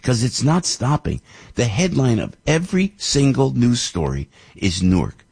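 An older man hosting a show and delivering an indignant, fired-up political rant that climbs toward shouting. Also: medium pitch, wildly swooping pitch, moderate pace, creaky, slightly rough. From New Jersey. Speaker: radio show host.

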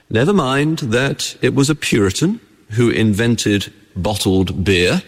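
A man's voice: medium pitch, expressive, slow, few pauses, big-room sound. A man preaching a sermon to his congregation. He keeps the tone conversational and often puts rhetorical questions to his listeners. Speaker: pastor. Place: church.

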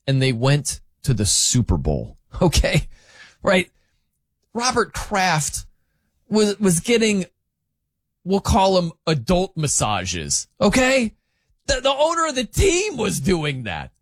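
A man's voice: sits high, no echo, clean studio sound. A man hosting sports talk, giving opinionated, emphatic commentary that rambles with restarts.

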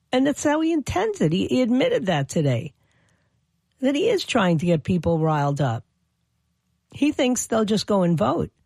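A political commentator talks through an opinion monologue in a gravelly, creaky voice, recorded dry and close with no room sound. The delivery stumbles over repeated words and restarts, then presses points with indignant emphasis. The pitch sits in a middle range. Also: darkish tone, dry recording.

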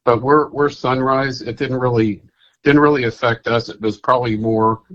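A man calling in to a radio show, talking in a halting, folksy way and repeating himself. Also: medium pitch, fairly even intonation, fairly bright tone, muffled recording, a little hiss or hum. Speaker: caller. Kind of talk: casual call-in chat.

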